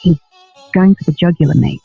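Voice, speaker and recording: A man's voice: on the high side, a little fast, gravelly, slightly rough, dry recording, highs cut off, faint music behind. A synthetic male voice with a Northern English accent, an AI co-host bantering in a cheeky, chummy way. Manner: chummy, cheeky, calls people mate. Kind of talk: casual banter.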